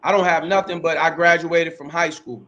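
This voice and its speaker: A man's voice: a little high, fairly even intonation, normal speed, a bit bright, dull audio, a little hiss or hum. A middle-aged man, a podcast host, telling his life story in a casual interview, rambling, repeating himself and using slang and profanity.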